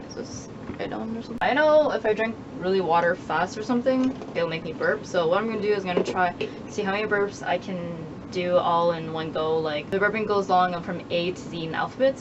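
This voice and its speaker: A young woman rambling casually to camera in a home vlog, apologetic and self-deprecating. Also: on the low side. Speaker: YouTuber. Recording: dull lo-fi home recording with faint hiss.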